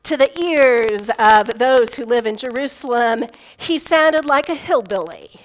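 A woman pastor delivers a sermon in a slightly high voice. She talks like she is telling a story to friends, easygoing and conversational, and slips in homespun humor. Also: unhurried, poor audio.

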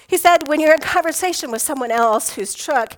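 A woman pastor preaches a sermon in a slightly high voice, telling it like a story among friends, easygoing and conversational with touches of homespun humor. Her delivery is brisk, and the audio quality is poor.

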